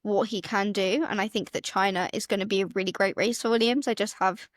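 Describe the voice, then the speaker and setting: A woman co-hosting a motorsport podcast in casual chat, talking fast and acting out her own reactions. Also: medium pitch, steady tone, dry recording, studio quality. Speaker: podcast co-host.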